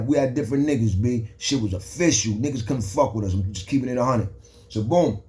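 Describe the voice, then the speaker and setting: A man's voice: mid-range voice, dark tone. A young man from the Bronx, telling a jail story in loose, slangy casual talk with frequent restarts. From the Bronx, New York.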